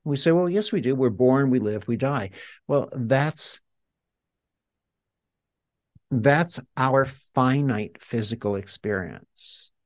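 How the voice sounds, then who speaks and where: A man speaking as a guest in a reflective interview, explaining his ideas patiently like a teacher leading an exercise. His voice sits at an ordinary pitch and is recorded dry, with no room sound around it. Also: lively intonation, a little slow, no room sound. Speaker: healer and guest.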